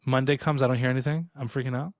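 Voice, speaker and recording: A man co-hosting a podcast, telling stories in a casual chat. He talks fast and rambles with restarts, and he acts out quoted lines in a raised voice. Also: mid-range voice, steady tone, dry recording, clean studio sound. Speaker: podcast co-host. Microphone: studio podcast mic.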